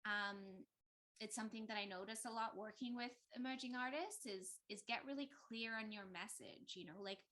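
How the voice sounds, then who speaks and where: A woman's voice: a little high, moderate pace, pushed and bright, low-quality recording. A woman guest on an online panel, talking thoughtfully with many ums and likes over a video call. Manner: thoughtful, many fillers and hedges. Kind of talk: casual online panel chat.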